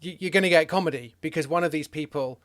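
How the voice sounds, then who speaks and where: A man's voice: fairly high pitch, quick pace, fairly bright tone. A man hosting a podcast in casual conversation, thinking aloud playfully with restarts. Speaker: podcast host. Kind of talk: casual conversation about comedy and faith.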